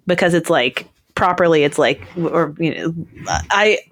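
A woman's voice: deep voice, moderate pace, a bit bright, dry recording, clean studio sound. A woman co-hosting a podcast, recapping a quiz show in chatty conversation full of fillers and restarts. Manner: chatty, with frequent fillers and self-corrections. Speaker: podcast co-host.

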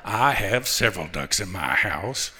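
A man putting on a deep, slow, mock-earnest prankster. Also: big pitch swings, noisy background. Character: deep-voiced, unhurried man toying with a telemarketer.

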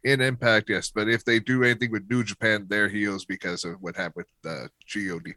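A matter-of-fact man co-hosts a casual podcast chat, answering in short, plain remarks. His voice is fairly low but bright and forceful. The sound is dry and close. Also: fairly even intonation, fairly quick, no echo. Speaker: podcast co-host.

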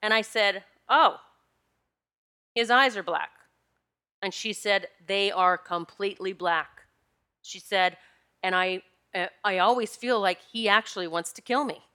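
A woman with a bright, forceful voice tells a personal story in a relaxed monologue. She sounds animated and confiding and speaks straight to her listeners. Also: medium pitch, normal speed. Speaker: spiritual energy practitioner.

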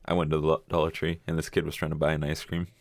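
A man's voice: rumbling low, monotone, racing, no echo. A young man in his twenties in casual chat, laid-back and slangy.

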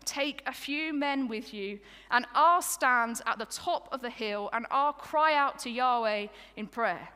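Woman preacher doing Moses as an exhausted, pleading leader; bright tone, reverberant room. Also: on the high side, unhurried, hardly any pauses, clear, resonant tone. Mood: storytelling. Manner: first-person storytelling, exasperated and pleading. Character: Moses, weary exasperated male leader of a grumbling people.

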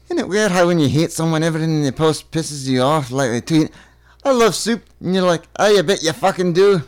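Guy doing a loud cheeky scottish bloke, swears a lot, pitched up higher than his own voice. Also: lively intonation, brisk, lightly acted. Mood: cheeky, crude. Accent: put-on Scottish. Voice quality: raised, punchy and crude. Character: brash swearing Scottish tweeter, man. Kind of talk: comic read-aloud of posts.

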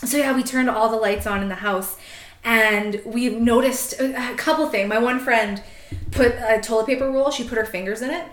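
A woman on a podcast telling a story in a casual, animated way, swearing freely and laughing often. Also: on the high side, moderate pace, reverberant. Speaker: podcast host.

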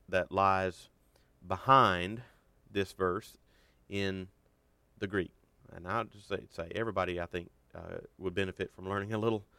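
Deep-voiced man giving a Bible talk. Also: fairly bright tone, no echo. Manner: earnest, measured, stresses key words. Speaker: Bible teacher. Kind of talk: devotional Bible teaching.

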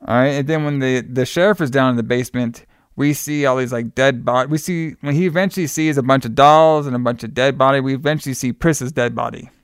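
Rambling man recapping a film, smooth voice. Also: mid-range voice, fast, no echo, clean studio sound. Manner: loose and rambling, with many fillers and playful asides. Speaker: podcast host recapping a film. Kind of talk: casual movie recap chat.

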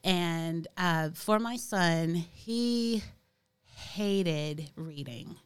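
A woman's voice: fairly low pitch, drawn-out words, clean tone. A middle-aged woman talking casually as a podcast co-host, chatty and hesitant, with many ums and restarts. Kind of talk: casual chat.

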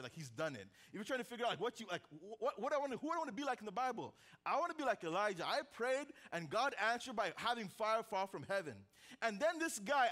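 A young adult man preaching a sermon, telling a story with lively swings between loud and hushed delivery and casual joking asides. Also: sits high. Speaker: pastor.

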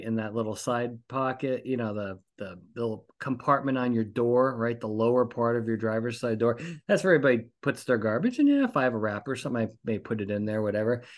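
Podcast host guy in his 40s ranting, middle pitch, gets all worked up and exasperated, studio mic. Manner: animated, exasperated storytelling with rising outbursts. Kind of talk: casual ranting monologue.

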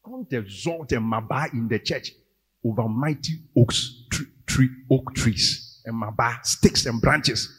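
A man with a Ghanaian accent preaching a sermon, moving between English and Twi and rising to loud, emphatic calls. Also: medium pitch, measured pace, breathy edge, in a large hall. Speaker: pastor.

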